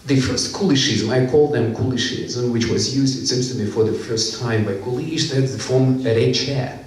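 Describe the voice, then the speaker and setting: Man of average pitch, conference lecturer explaining slides; distant mic, booming room echo. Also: normal speed, a little mellow. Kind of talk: academic lecture. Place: conference hall. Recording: echoey hall, mic far off.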